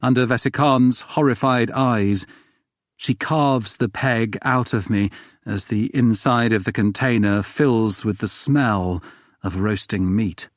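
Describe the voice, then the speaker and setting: Low-voiced male audiobook narrator. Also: no echo, clean studio sound. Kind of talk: scripted first-person narration.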